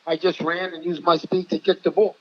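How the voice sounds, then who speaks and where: A man's voice: sits high, little pitch movement, brisk. Older rambling New York man. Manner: rambling, chatty, repeats himself. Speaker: guest, former ballplayer and coach. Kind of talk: interview storytelling. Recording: dull lo-fi audio.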